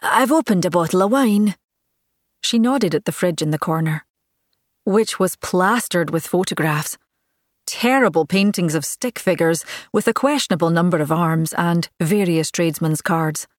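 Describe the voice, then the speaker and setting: A woman reading a story aloud in a steady, descriptive narrating manner. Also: on the low side, moderate pace, dry recording, clean studio sound. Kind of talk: audiobook narration.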